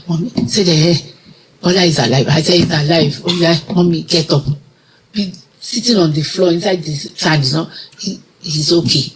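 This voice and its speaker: Talking fairly quickly in a deep voice, a middle-aged woman with a Nigerian accent gives an emotional account of a personal story as an interview guest. She acts out others' quoted words as she vividly retells it. Audio quality is poor, with a little hiss or hum.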